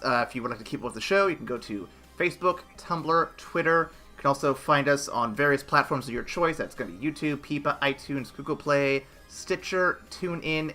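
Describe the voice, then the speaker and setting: Very bright-voiced joking man hosting. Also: medium pitch. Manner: playful, jokey, energetic. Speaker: podcast host. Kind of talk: casual podcast chat.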